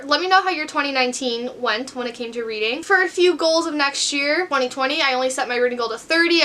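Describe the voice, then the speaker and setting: A woman's voice: high voice, bright, forceful tone, slight background noise. A young woman in a casual, rambling chat to camera about books, filming on her bedroom floor at night. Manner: chatty, rambling, self-deprecating. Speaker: book vlogger.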